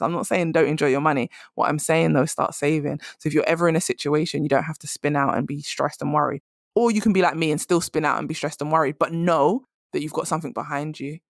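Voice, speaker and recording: A woman's voice: low-pitched, dry recording, clean studio sound. A woman hosting a podcast, giving direct, emphatic career advice in a casual monologue. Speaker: career coach and podcast host.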